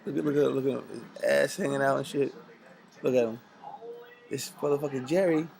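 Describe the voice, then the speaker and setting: A man filming himself waking his roommates in an apartment, loud and taunting, repeating himself and swinging between shouting and muttering. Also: medium pitch, fairly quick, creaky, poor audio. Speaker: roommate filming a wake-up prank. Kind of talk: loud profane teasing vlog. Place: apartment indoors. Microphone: handheld phone camera.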